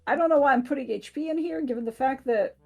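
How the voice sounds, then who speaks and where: A woman's voice: high voice, quick pace, gravelly, warm tone, faint music behind. A woman narrating as game master in a casual online tabletop game, chatty and full of fillers.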